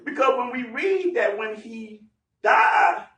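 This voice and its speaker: Male Bible teacher, high and lively, slangy and emphatic; echoey room, off mic. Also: slow, far from the mic. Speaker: teacher leading a Bible study. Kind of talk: animated sermon-style Bible teaching. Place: gathering room. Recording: echoey room, heard from afar.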